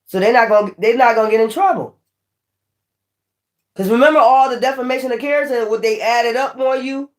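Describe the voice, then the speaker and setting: A woman with a slightly high voice talks fairly quickly through a casual tarot reading. Blunt and profane, she warns the viewer and repeats herself for emphasis.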